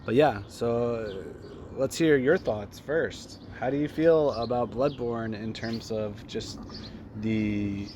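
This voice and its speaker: A man's voice: mid-range voice, slow, darkish tone, a little hiss or hum. A young man co-hosting a podcast, chatting casually and retelling stories with lots of fillers. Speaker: podcast co-host. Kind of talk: casual chat.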